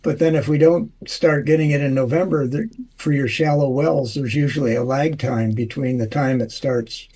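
A man who is a regular guest giving weather and jokes, talking in a folksy, hesitant way with many pauses. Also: medium pitch, fairly even intonation, warm tone, breathy edge. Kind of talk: casual chat.

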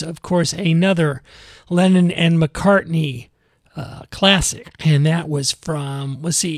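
A man with a high voice hosts a community radio music show, chatting casually and rambling between songs while correcting himself. The recording has studio quality with no room sound.

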